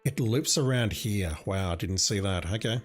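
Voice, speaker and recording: A man streaming a video game, musing to himself in casual commentary, his voice slightly hoarse. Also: on the low side, moderate pace, soft background music. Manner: relaxed, musing to himself as he plays.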